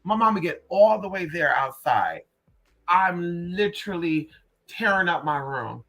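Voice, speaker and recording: A young man telling a story in a casual, animated way, sassy and full of profanity. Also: high-pitched, a little slow. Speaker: vlogger.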